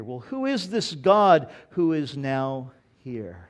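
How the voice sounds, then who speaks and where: A male pastor preaching a sermon. He often repeats words as he tells a story and slows down to read scripture with emphasis. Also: fairly high pitch, very animated. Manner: repeats words while telling stories, slow emphatic scripture reading.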